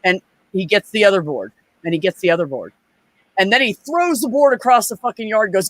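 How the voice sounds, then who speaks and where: A woman telling profane, animated stories in a casual chat as a guest. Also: medium pitch, fairly quick.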